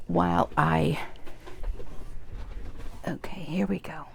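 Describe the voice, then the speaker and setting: While working on embroidery, a middle-aged host chats in a rambling, casual way, occasionally becoming tearful. She has a fairly low, gravelly, animated voice and speaks unhurriedly. A little hiss or hum is audible.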